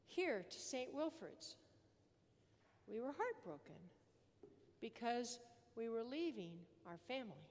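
A woman's voice: on the high side, big pitch swings, slow pace, long pauses, a little mellow. A woman priest giving a sermon in an earnest manner, leaning on repetition for emphasis, in a large church. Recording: long church reverb.

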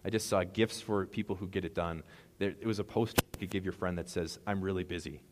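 Casual pastor preaching in a reverberant hall. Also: male voice, low voice, fairly even intonation, fast talker, background noise. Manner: casual, conversational, rambling with asides. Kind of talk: sermon.

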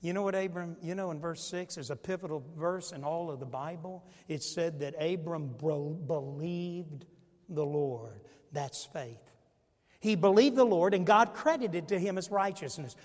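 Male pastor preaching, high pitched, asks the crowd questions, big echoey church. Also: normal speed, darkish tone. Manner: emphatic, call-and-response questions. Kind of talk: sermon.

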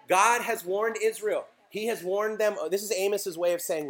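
A man's voice: high voice, fairly even intonation, normal speed, few pauses, a bit bright. Chatty joking man preaching. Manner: chatty, joking, asks the audience questions. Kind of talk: casual sermon.

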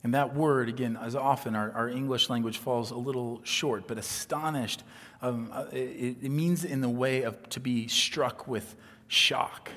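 Guy pastor preaching, earnest, goes quiet to make a point, long church echo. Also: mid-range voice, fairly even intonation, measured pace. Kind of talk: sermon.

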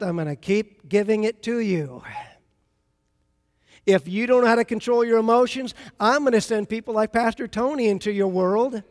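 Man, pastor, sermon, high voice, conversational storytelling, long hall reverb.

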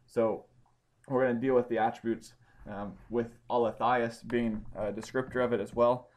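A man teaching a Bible study class, explaining points step by step and pausing to check that his students follow. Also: medium pitch, steady tone, a little mellow. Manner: explanatory, checks understanding with questions.

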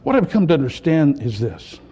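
A man preaching a sermon, building to impassioned peaks and dropping to quiet, reflective lines. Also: fairly high pitch, very animated, moderate pace, husky. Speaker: pastor.

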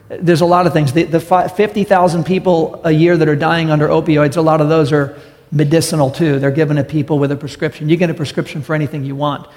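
A man preaching in a church sanctuary, his somewhat high voice carried on a long hall reverb. He is a pastor in full sermon mode, direct and emphatic, and he keeps putting rhetorical questions to the congregation. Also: vocal fry, a little mellow.

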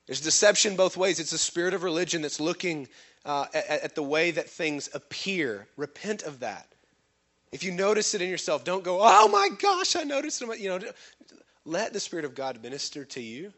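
High-voiced man preaching to his congregation. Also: moderate pace. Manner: animated preaching with call-and-response questions to the congregation; acts out quoted voices with sudden pitch jumps. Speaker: pastor. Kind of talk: sermon.

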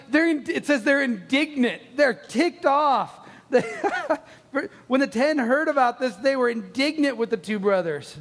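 A man with a high voice preaches a sermon and tells the story with lively energy. He acts out each character's lines and laughs often. His voice carries a long reverb, like a large hall. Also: unhurried. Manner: animated storytelling, acting out quotes, frequent laughs.

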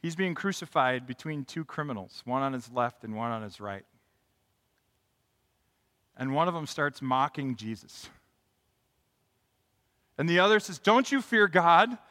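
A man preaching a sermon as a pastor, moving from quiet reflection to impassioned emphasis. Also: medium pitch, lively intonation, measured pace, pauses often, big-room sound.

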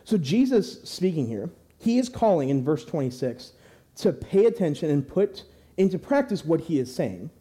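A man's voice: fairly high pitch, big pitch swings, moderate pace, dark tone. A young man preaching a sermon in church, talking conversationally with restarts and rhetorical questions.

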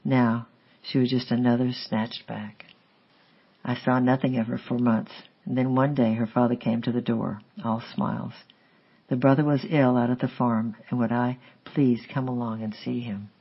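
A man steadily reading a memoir aloud in a measured, unhurried way, on a slightly dull lo-fi recording. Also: medium pitch, flat delivery, breathy edge. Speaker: audiobook reader. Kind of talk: memoir narration read aloud.

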